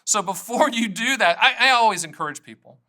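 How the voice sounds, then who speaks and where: A middle-aged man, an annuity agent, talking straight to camera in an energetic, joking way that wanders off on tangents. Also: high-pitched, a little fast. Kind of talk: casual direct-to-camera talk.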